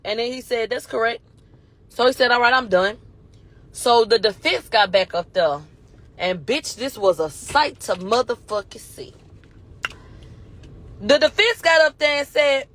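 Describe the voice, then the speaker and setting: A high-pitched woman recaps a courtroom day in loose, profane gossip-show commentary. She acts out the quotes as she goes. Her voice sits close and dry on the mic, with no room sound around it. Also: a little slow, no room sound. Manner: animated retelling with profanity and acted-out quotes. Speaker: commentary host.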